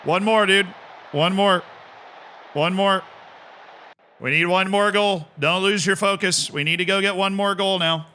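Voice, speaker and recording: A man streaming a football management game, swinging between low muttering and shouted play-by-play commentary. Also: fairly even intonation, unhurried, long pauses, clear, resonant tone. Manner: bursts into shouted play-by-play, then mutters to himself.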